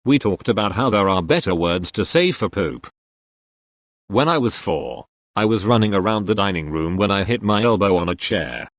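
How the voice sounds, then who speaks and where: A man reading short anecdotes aloud in a steady, matter-of-fact way. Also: fairly low pitch, moderate pace, no room sound, studio quality. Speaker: narrator reading online posts.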